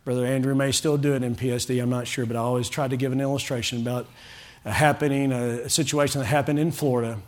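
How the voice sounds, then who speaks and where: A man preaches in church with a middle-pitched voice, speaking to the congregation in front of him. He is fervent and rises to loud, pleading calls at the high points of the sermon. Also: little pitch movement, fast. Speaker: pastor.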